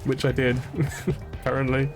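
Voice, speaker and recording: An English man streams a video game over music, rambling through stories in casual commentary with a mid-range voice at normal speed. He's animated and laughs often, restarting his sentences many times.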